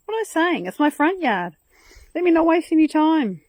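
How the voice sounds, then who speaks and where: A woman's voice: high voice, very animated, normal speed, a little mellow, no room sound. A woman hosting a casual live stream from her front garden outdoors, chatting in a rambling, enthusiastic way into a handheld phone.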